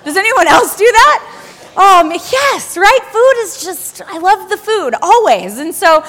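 A woman preaching a sermon to a congregation, animated and laughing often as she acts out little scenes. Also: very high-pitched, a little slow, a faint crowd. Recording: long hall reverb.

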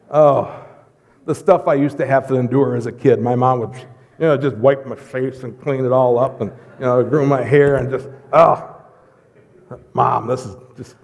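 A middle-aged man preaching a lively, joking sermon in church, swinging between loud bursts and hushed asides. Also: fairly high pitch. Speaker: pastor. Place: church sanctuary. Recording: long hall reverb.

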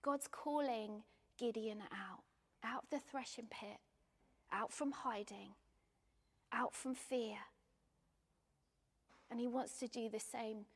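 A woman preaches a sermon in a high voice with unhurried pacing. She builds points through repetition, at times falling to a hushed, near-whispered tone and at other times pressing hard and loud.

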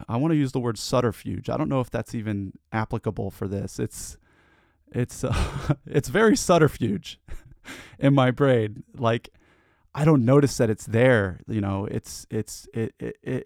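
A man talks through a personal reflection in a loose, searching way, often stumbling over repeated words. His voice sits at an ordinary middle pitch. The sound is dry and close, with no room echo. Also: gravelly, darkish tone. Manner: halting, repeats words, candid, swears casually.

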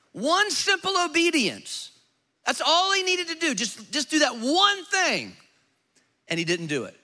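A man's voice: extremely high pitch, sharp tone. A man preaching a sermon as pastor, emphatic and joking, with rhetorical questions to the congregation.

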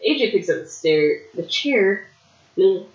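A woman co-hosting a casual chat, recapping wrestling matches in a quick, blunt way and swearing freely. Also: medium pitch, sing-song. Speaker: podcast co-host. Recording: echoey, dull lo-fi room.

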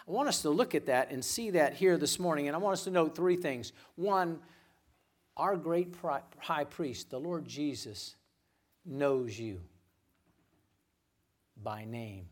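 A man preaching a sermon as a guest pastor, earnest and given to repeating words, dropping to a hush when he quotes names. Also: fairly high pitch, measured pace, pauses often.

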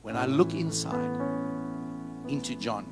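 A male pastor preaching with fervor at a church service, calling out lines for the congregation to repeat and opening up about his own struggles. A medium-pitched voice carries over steady piano music in the background. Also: takes it slowly. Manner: fervent call-and-response preaching; candid, personal testimony. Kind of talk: sermon.

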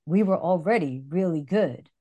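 A woman co-hosting a casual podcast as a dance instructor, chatty and quick to laugh. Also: on the low side, expressive, mellow, muffled recording.

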